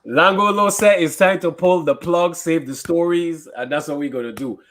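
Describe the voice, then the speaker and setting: A man hosting a casual live-streamed talk show, giving upbeat shout-outs to the people watching. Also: a little high, moderate pace. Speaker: podcast host.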